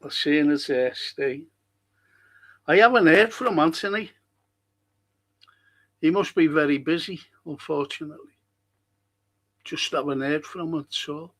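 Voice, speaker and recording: A man's voice: on the high side, a little slow, pauses often, fairly bright tone, poor audio. A man hosting a casual live stream, chatty and rambling as he reads out viewer comments.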